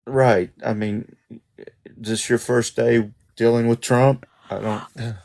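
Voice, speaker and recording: A man on a livestream panel discussing news in a halting, measured way. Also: medium pitch, fairly even intonation, a little mellow. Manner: hesitant, measured. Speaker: panel guest. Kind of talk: casual chat.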